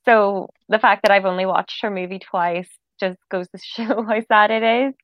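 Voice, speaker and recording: A woman chatting as a pageant guest, giggly and quick to agree. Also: mid-range voice, steady tone, no echo, dull audio. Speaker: pageant contestant. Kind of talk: casual chat.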